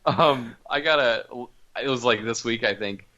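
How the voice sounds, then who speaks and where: A man's voice: medium pitch, a little slow, pushed and bright, dull audio. A man co-hosting a wrestling talk podcast, telling a story in casual chat and laughing as he goes. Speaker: podcast co-host.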